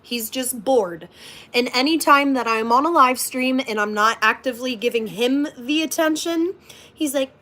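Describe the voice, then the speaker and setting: A woman's voice: sits high, moderate pace, pushed and bright. A young woman chatting casually on a livestream from a hotel room, thanking viewers and scolding her puppy.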